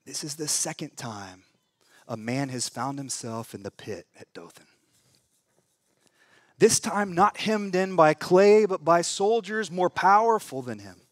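High-voiced pastor telling a story. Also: male voice, sing-song, unhurried, no echo, studio quality. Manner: dramatic storytelling with wide swings in pitch and volume; conversational asides and humor. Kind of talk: sermon. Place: church.

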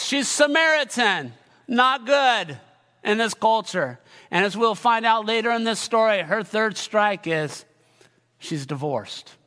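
A man's voice: extremely high pitch, sharp tone, big-room sound. A male pastor preaching a sermon in a church, emphatic and often calling out to the congregation.

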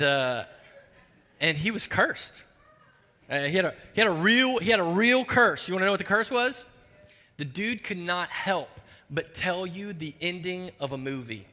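A male pastor preaching in a church, with a bright, forceful, slightly high voice. He moves between lively storytelling and low, quiet emphasis. The sound carries a long reverb from a large hall. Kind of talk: sermon.

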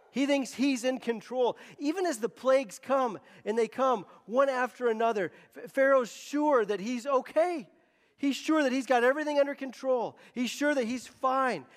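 A man's voice: very high-pitched, big-room sound. A man preaching a sermon as pastor, emphatic and often repeating words as he presses a point.

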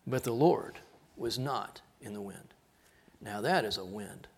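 A middle-aged man from Texas preaching a sermon, telling folksy stories in an animated way. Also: lowish voice, unhurried, breathy edge.

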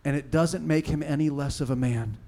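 A man preaching a sermon with passion, moving from hushed talk to shouting and reading scripture with dramatic emphasis. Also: a little high, brisk. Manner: impassioned, swinging from hushed to shouting. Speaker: pastor.

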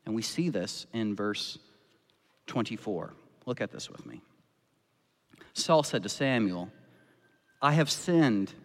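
A man's voice: lowish voice, lively intonation, unhurried, long pauses. A man preaching a sermon as pastor, impassioned and acting out the voices he quotes. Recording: long reverb of a church hall.

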